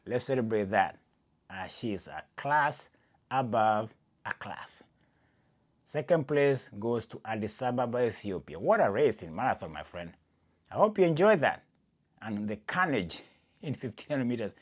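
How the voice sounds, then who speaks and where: Animated Kenyan man commenting on athletics. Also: on the low side, measured pace. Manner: animated and emphatic, speaks straight to the listener as "my friend". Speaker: athletics podcast host. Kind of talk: casual sports commentary.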